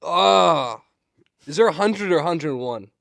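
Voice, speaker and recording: A man's voice: a little high, animated, a little slow, gravelly, fairly bright tone, dry recording, clean studio sound, pitched above the performer's own voice, full character voice. A man playing an anxious, obsessive male dog sitter in an improvised sketch, breaking into sweary outbursts. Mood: panicky.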